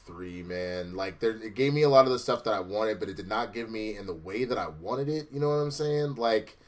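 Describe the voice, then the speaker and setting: A man's voice: lowish voice, expressive, fairly quick. A man co-hosting a casual review chat, laid-back and conversational, swearing freely. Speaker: co-host reviewing a TV episode.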